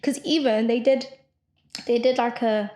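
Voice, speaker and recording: A young woman co-hosting a podcast, talking loudly and quickly in a rambling casual chat full of fillers. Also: a little high, steady tone. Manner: loud, fast rambling with many fillers. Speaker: podcast co-host.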